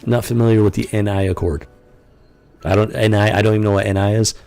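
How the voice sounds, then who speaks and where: A man's voice: fairly low pitch, steady tone, fast talker, creaky, a little mellow, clean tone, soft background music. A man hosting a live stream, commenting casually and rambling with lots of fillers and incredulous asides. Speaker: podcast host.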